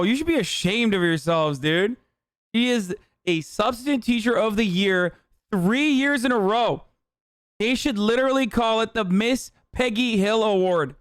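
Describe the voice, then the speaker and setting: Profane animated male streamer. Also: sits high, unhurried, clear, resonant tone, dry recording, studio quality. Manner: animated, profane, sarcastic banter. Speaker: streamer host. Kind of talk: casual reaction commentary.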